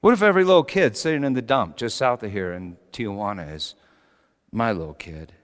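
A man voicing God as a stern yet loving father, speaking in a hushed, solemn way. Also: fairly low pitch, animated, a little fast, big-room sound, natural voice. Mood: hushed, grave.

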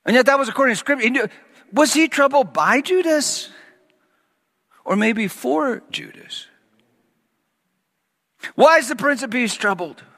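A man preaching a sermon, swinging from loud emphatic peaks down to hushed, almost whispered lines. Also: extremely high pitch, animated, unhurried, pauses often, in a large hall.

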